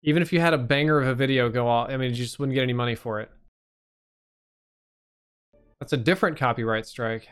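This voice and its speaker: A man's voice: medium pitch, very fast, smooth. Blunt, casual man giving critique. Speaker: YouTube channel reviewer. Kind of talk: live stream commentary.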